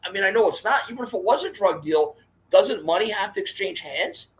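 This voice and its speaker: High-pitched guy chiming in with quick reactions on a talk show. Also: lively intonation. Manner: brief reactive interjections. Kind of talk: casual chat.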